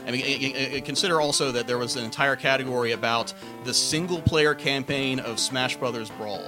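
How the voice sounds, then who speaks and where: A man's voice: mid-range voice, a little fast, music in the background. A man co-hosting a podcast, telling rambling stories in casual chat with frequent stammers and restarts. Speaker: podcast co-host.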